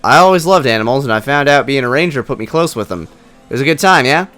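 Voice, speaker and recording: A man voicing a tough, friendly Irish woman who used to be a ranger, in a rough, attempted Irish accent, chatting casually. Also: medium pitch, animated, fast, fairly bright tone, soft background music, close to an everyday voice. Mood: chatty.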